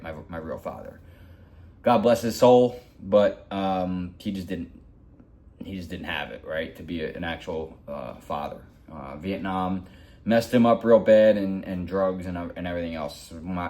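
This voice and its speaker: A man's voice: low-pitched, a little mellow. A man in his forties telling a heartfelt personal story in a rambling, repetitive way. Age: 40s. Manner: rambling, heartfelt, repeats himself. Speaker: hockey vlogger.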